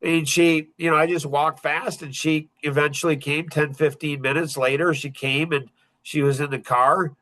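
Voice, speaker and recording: Middle-aged guy rambling on his podcast, high bright voice, blunt, keeps repeating himself. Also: fairly even intonation, normal speed. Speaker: podcast host. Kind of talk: casual podcast talk.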